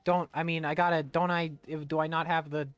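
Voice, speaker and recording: A man's voice: on the high side, flat delivery, brisk, clear, resonant tone, no room sound. A young man chatting loosely while playing a video game on stream, joking and rambling. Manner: rambling and jokey, breaking into silly voices. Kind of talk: casual let's-play commentary.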